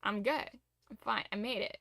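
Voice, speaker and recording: A woman's voice: mid-range voice, moderate pace, creaky, bright, forceful tone, no room sound. A young woman streamer in a casual late-night chat, speaking candidly and reflectively about her struggles, rambling with restarts.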